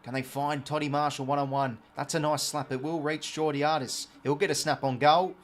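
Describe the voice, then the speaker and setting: An Australian man hosting a live watch-along, calling the play as it happens, getting excited on big plays and chatting to his viewers in between. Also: on the high side, brisk, slight background noise. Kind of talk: live play-by-play commentary over a match.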